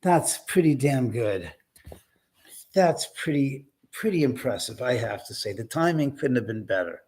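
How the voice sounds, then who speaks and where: A man hosting a casual livestream from his house, telling a story in a rambling, profane, animated way. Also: mid-range voice, unhurried. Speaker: livestream host. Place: his own house, indoors.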